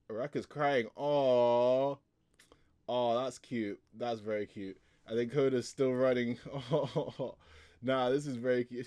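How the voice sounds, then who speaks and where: Excitable young man, dry close sound. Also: mid-range voice, unhurried, no echo. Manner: excitable, laughs often, loose filler-heavy talk. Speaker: manga reaction host. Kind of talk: casual reaction chat.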